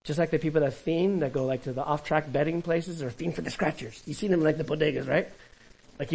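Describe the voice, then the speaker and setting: A man preaching a sermon as pastor, animated and conversational, with quick asides to the congregation. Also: a little high, gravelly, rough recording.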